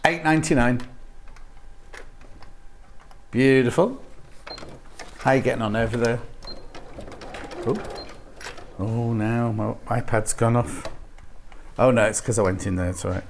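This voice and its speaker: A man's voice: mid-range voice, normal speed, vocal fry, long pauses, a little hiss or hum. A man with a British accent presenting live sales on a shopping channel, upbeat and urging viewers to buy. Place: TV studio.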